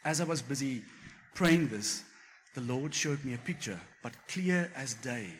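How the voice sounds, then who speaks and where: A man's voice: mid-range voice, expressive, a little slow, a little hiss or hum. A man preaching a sermon, telling a personal story and acting out the voices he quotes. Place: church.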